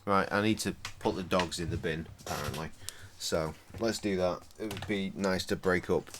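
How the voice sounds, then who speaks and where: A man's voice: low voice, moderate pace, noisy background. A man chatting and swearing casually while streaming a game and tending to his dogs. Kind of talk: casual live-stream commentary.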